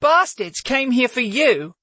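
A small, fierce young woman with a sharp, venomous tongue, as a male narrator puts her on, her voice pitched high and cracking with emotion. The tone is husky, and the recording is dry and close. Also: big pitch swings, moderate pace, dry recording, exaggerated voice. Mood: bitter. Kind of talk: audiobook character voice.

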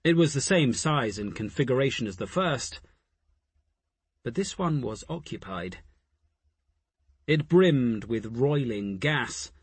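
Slow husky male audiobook narrator. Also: mid-range voice, expressive, no echo. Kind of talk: scripted narration.

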